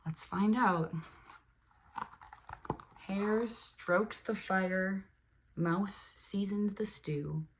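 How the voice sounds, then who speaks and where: A woman reading a children's picture book aloud as host, animated, with playful sound effects and asides to her listeners. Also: mid-range voice, extremely slow, long pauses, slight background noise. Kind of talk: storybook read-aloud for children.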